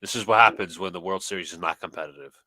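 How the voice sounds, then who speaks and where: A man's voice: low voice, very fast, sharp tone. A man co-hosting a stream, calling the baseball game announcer-style between offhand remarks. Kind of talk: mock play-by-play commentary.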